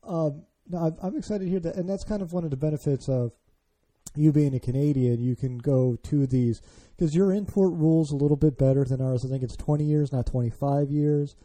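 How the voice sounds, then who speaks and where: A man's voice: a little high, a little fast, dark tone. An American man hosting a car podcast, chatting casually with frequent restarts. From United States. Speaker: podcast host. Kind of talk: casual chat.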